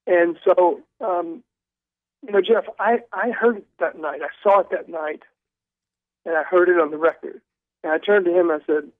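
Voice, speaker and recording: An older man, a guest author, telling animated stories with stumbling restarts over the phone. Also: high-pitched, normal speed, no echo. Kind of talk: storytelling in a phone interview. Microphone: telephone. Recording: tinny phone line.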